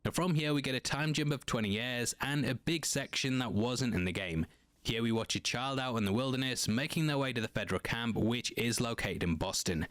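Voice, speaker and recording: A man giving a scripted, measured narration breaking down a TV episode scene by scene. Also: mid-range voice, a bit bright, dry recording. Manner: measured, analytical.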